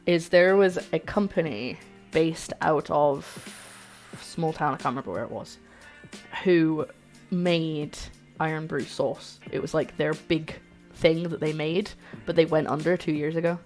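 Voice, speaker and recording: A woman's voice: sits low, a little slow, darkish tone, soft background music. A young woman hosting a cooking stream, chatting casually and explaining each step as she cooks. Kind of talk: casual chat while cooking.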